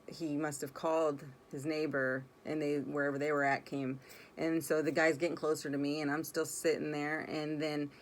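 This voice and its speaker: Blunt, low-voiced woman telling a story. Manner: blunt, swears freely; rambling, self-correcting delivery. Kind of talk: casual personal storytelling.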